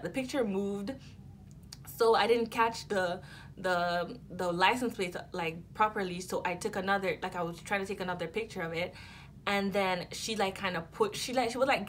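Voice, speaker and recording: A woman's voice: medium pitch, a little hiss or hum. Rambling woman telling a storytime. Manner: animated, rambling, with many fillers and restarts. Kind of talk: casual storytime chat.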